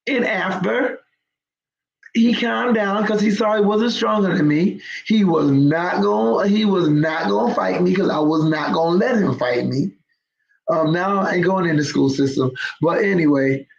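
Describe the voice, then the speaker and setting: A woman's voice: lowish voice, measured pace, creaky. A woman hosting her show, telling a story to viewers in an emphatic, conversational way. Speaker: host. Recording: roomy, dull lo-fi sound.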